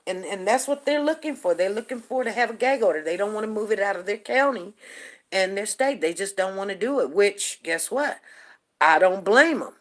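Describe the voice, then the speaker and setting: Brisk and animated, this female talk-show host speaks at medium pitch. She rambles through a casual monologue, repeating herself to make emphatic points to listeners.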